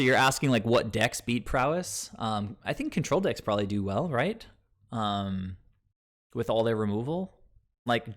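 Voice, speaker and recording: Chatting casually with his live viewers, a Long Island, New York streamer rambles and fills gaps with um and like. His voice is medium-pitched, creaky, and fairly bright.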